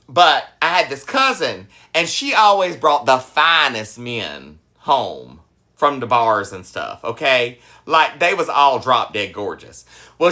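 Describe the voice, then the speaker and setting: Sassy southern guy telling stories on a cooking live, bright lively voice, slow and dramatic. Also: mid-range voice. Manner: sassy, dramatic, laughs often. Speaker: host. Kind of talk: storytelling during a live cooking stream. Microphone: phone or camera mic while cooking.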